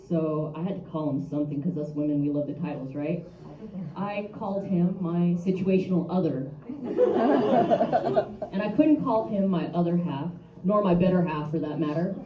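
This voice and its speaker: A woman performing a stand-up comedy set at a brewery open mic, telling crude stories in a bold, chatty way. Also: lowish voice. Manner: bold, crude, conversational storytelling. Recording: roomy, distant, dull, noisy live room.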